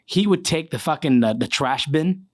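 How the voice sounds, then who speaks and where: A man's voice: fairly high pitch, expressive, moderate pace. A man from Iraq, telling war stories as a guest in a casual chat, laughing often and swearing freely.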